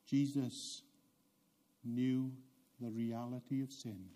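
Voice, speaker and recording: Slow, dramatic male preacher. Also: flat delivery. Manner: rises to loud emphatic peaks, then drops low and quiet; slow, deliberate delivery with dramatic pauses. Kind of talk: sermon.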